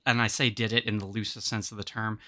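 A woman's voice: a bass voice, flat delivery, fast talker, sharp tone, no room sound, clean studio sound. A woman guest-hosting a podcast in casual chat, playful and teasing. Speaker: guest host.

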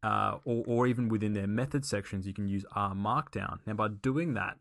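Male podcast co-host, low and gravelly, earnest explainer, dry close sound. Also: moderate pace, a bit bright, dry recording. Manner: earnest, explanatory, with many fillers and restarts. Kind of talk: casual podcast chat.

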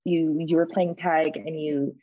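A young woman with a slightly low voice tells a story on a podcast, chatty and loose, full of "like" and quick asides. Her voice comes through a dry, slightly dull close mic. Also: no echo. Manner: chatty, many fillers, lively re-enacted quotes. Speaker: podcast co-host. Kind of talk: casual storytelling.

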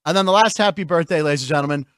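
A male show host talks sports in loose, joking banter, breaking into laughs as he goes. His voice sits high for a man and sounds dry, with no room around it. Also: very fast, fairly bright tone, smooth, dry recording. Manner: chatty, jokey, laughs often.

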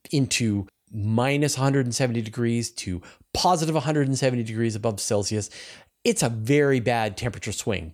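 A man's voice: medium pitch, a little mellow. A Canadian man with a Canadian accent hosting space news, explaining things eagerly and talking straight to his viewers. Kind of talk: casual news commentary.

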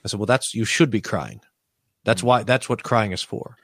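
A man's voice: fairly low pitch, normal speed, fairly bright tone, dry recording, studio quality. A man, a pastor and podcast guest, speaking reflectively and telling pastoral stories in a conversational interview, often restarting his sentences. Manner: storytelling, reflective, frequent restarts.

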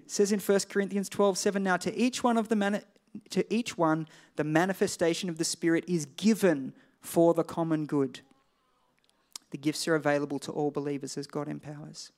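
A pastor giving a sermon in a bright, higher-pitched voice. He talks to the congregation as if chatting with friends, lively and energetic, tossing in quick asides.

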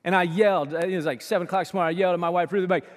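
A male pastor preaching a sermon in a church, talking in an animated, conversational way that swings between loud bursts and quiet asides. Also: sits high, very fast, in a large hall. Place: church sanctuary.

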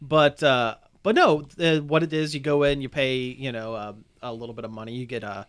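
A man's voice: mid-range voice, fairly even intonation, a little fast, fairly bright tone, clean tone. A man co-hosting a podcast, chatting casually and rambling through a story with lots of fillers. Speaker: podcast co-host. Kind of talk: casual chat.

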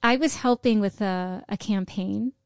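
A woman co-hosting a podcast, telling stories in casual chat, excitable and giggly. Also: medium pitch, unhurried, clear, resonant tone, no echo, studio quality. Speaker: podcast co-host.

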